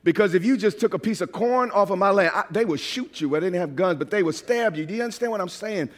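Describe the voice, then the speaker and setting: High-voiced pastor preaching in a reverberant hall. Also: male voice, fast talker. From New York. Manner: animated preaching, rising to shouts. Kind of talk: sermon.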